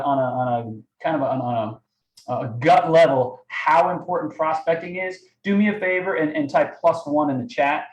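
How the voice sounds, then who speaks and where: Energetic man coaching a live webinar. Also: on the high side, reverberant, dull audio. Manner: energetic, coaching, many rhetorical "right?" and "okay?". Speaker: webinar host. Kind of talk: live sales training talk.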